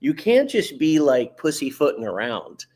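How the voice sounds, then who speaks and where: A man's voice: a little high, big pitch swings, normal speed, a little mellow. A man hosting a podcast in casual motivational talk, emphatic and slangy, stumbling and repeating words as he gets going. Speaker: podcast host.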